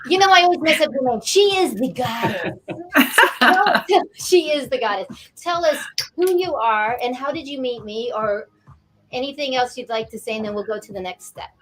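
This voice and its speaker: A woman's voice: high voice, expressive, normal speed, a bit bright, poor audio. A woman hosting an online interview show, effusive and gushing toward her guests. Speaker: show host. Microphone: video call.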